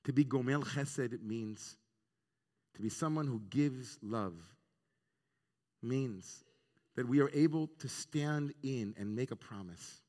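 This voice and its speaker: A man's voice: mid-range voice, slow pace, long pauses, darkish tone. A man, a rabbi, giving an earnest, reflective sermon on the weekly Torah portion and weaving in Hebrew terms. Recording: long reverb of a large hall.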